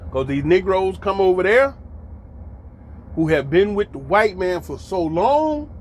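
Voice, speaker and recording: A man's voice: high-pitched, sing-song, measured pace, a little hiss or hum. An American man hosting a monologue commentary, emphatic and preachy, repeating lines for effect with mocking asides. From United States. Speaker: commentary host.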